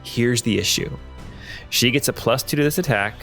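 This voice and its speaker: A man narrates a tabletop game as its game master. His voice sits at an ordinary pitch, and he thinks aloud, often stopping for an um or a restart. Faint music plays softly behind him. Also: moderate pace.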